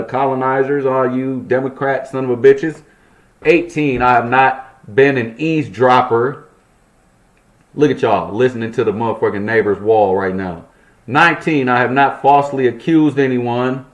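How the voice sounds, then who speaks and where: A young man host reading a numbered list aloud in his apartment, breaking off into profane, joking asides. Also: mid-range voice. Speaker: channel host. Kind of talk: reading a list with loose commentary.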